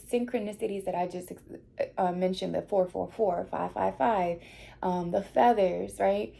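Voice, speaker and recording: A woman's voice: medium pitch, gravelly, dark tone. A woman giving a tarot reading to her viewers, tearful and reassuring, laughing through her emotion. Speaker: tarot reader.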